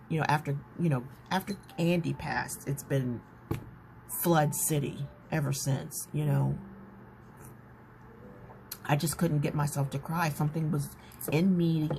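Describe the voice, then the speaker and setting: A woman chatting casually to her viewers while she flips through a journal. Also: sits low. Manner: chatty, warm-hearted, talks to viewers as "y'all". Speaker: journaling vlogger. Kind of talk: casual chat. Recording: noticeable background noise.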